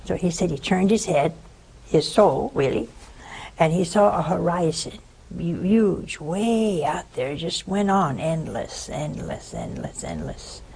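An older religious sister giving a sermon, telling a story with animated voices and sudden drops to a whisper. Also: female voice, on the low side, a little slow, rough recording. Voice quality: gravelly, husky.

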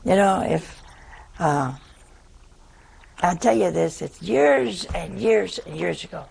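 A woman's voice: fairly low pitch, animated, unhurried, creaky, a little mellow, slightly rough. An older woman, a nun, telling a humorous folksy story to an audience. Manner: humorous, folksy anecdote with laughs. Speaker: nun giving a talk.

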